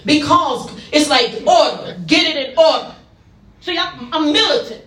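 A woman's voice: high voice, unhurried, a bit bright, reverberant, distant mic. A woman preaching a sermon in short, punchy call-and-response bursts, playful and acting out little asides. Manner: playful, acts out asides and quotes.

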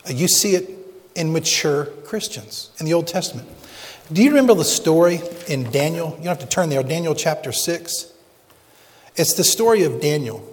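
Preaching man with a higher voice. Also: a little mellow, big-room sound. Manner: earnest preaching, slows down to stress scripture. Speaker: pastor. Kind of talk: sermon.

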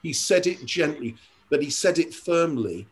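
A man's voice: on the high side, animated, a little slow, husky. Earnest older man telling a story. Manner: earnest, reflective, many hesitations and restarts. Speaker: church leader. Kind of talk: conversational interview storytelling.

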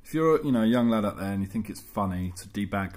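A man's voice: lowish voice, lively intonation, fast talker, a little mellow. A man co-hosting a casual comedic chat podcast, bantering in a playful, teasing way. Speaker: podcast co-host.

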